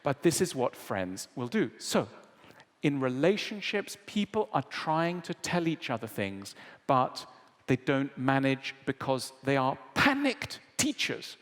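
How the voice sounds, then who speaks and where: A man giving a public lecture, animated and acting out the voices he quotes. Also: mid-range voice, a little slow. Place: large lecture hall. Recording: long reverb of a lecture hall.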